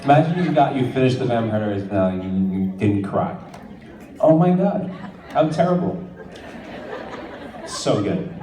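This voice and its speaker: With lively intonation, normal speed, and long pauses, a medium-pitched man from New Jersey answers fan questions as a convention guest actor. He jokes, teases, and laughs often in the casual Q&A, captured by a distant mic in an echoing hall before a noisy audience.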